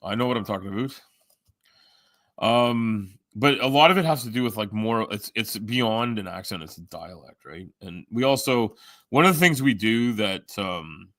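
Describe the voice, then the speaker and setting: A man's voice: fairly low pitch, animated, moderate pace, fairly bright tone, no echo, studio quality. A Canadian man hosting a live stream, chatting casually with viewers in a rambling, joking, profane way. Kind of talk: casual chat reading viewer comments.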